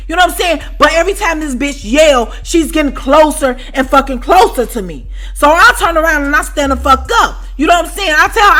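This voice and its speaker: A woman telling a story to her viewers in a casual, profane, animated way, often asking if you know what she's saying. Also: high-pitched, fast talker, hardly any pauses. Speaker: storytime vlogger.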